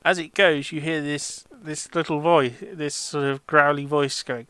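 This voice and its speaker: A man running a tabletop game as dungeon master, narrating haltingly and restarting his phrases. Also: on the high side, little pitch movement, fairly bright tone, smooth, no room sound.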